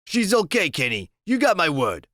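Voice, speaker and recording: A man's voice: high-pitched, huge pitch swings, moderate pace, fairly bright tone, no room sound, studio quality, voice pushed up, heavily acted. A man doing a jittery biker boss. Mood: nervous. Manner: jittery, eager to please. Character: nervous middle-aged male biker gang boss.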